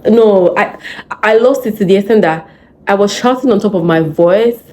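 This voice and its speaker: A young woman with a Nigerian accent, chatting casually on her vlog and telling a story in an animated, venting way. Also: mid-range voice, moderate pace, a little hiss or hum. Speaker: vlogger. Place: home in Lagos.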